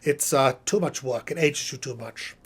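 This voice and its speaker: A man voices a theatrical, self-important male puppet professor hosting a live stream Q&A, chatty and rambling with animated asides. Out of breath and exhausted, he speaks at a moderate pace in a natural, husky, medium-pitched voice.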